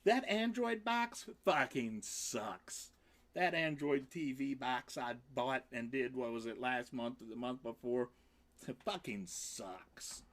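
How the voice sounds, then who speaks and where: A man hosting a rambling casual livestream, swearing freely and laughing between lines. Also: a bit bright. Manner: swings into high squeaky voice for quoted exclamations. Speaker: livestream host.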